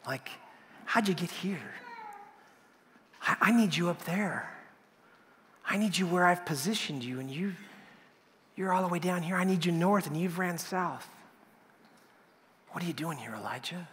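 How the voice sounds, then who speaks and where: God, a close, hushed divine voice calling a runaway back, in whispered role-play, as a preacher puts him on. The breathy whisper carries a long reverb tail through a large hall. It sounds intimate and pleading. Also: male voice, sits high, a little slow, long pauses.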